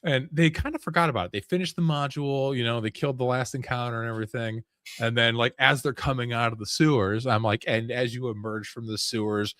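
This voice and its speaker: A man in casual chat, telling a long rambling story in an animated way. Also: medium pitch, quick pace, no room sound, studio quality.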